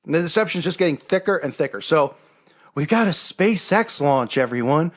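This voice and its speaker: A man's voice: a little high, lively intonation, moderate pace. A man hosting a casual monologue show, talking in a sarcastic, mocking way. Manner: sarcastic, mocking impressions of others. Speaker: host.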